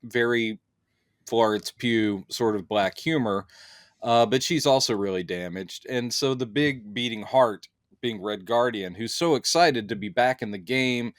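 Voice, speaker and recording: A man's voice: medium pitch, unhurried, no echo. A man talks through a film in an easy, chatty way. He slips into playful voices when he quotes the characters. His voice sits in a middle register and is recorded dry and close. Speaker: film reviewer. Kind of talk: casual movie review chat.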